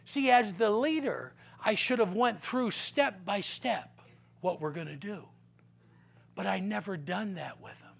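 Male preacher, unhurried sermon delivery, animated storyteller turning to quiet earnest teaching. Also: high-pitched, vocal fry. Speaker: pastor. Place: church sanctuary.

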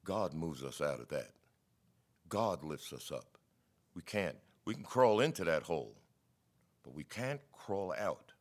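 A middle-aged man preaching a sermon, telling stories in a wry, skeptical, animated way. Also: deep voice, unhurried, long pauses.

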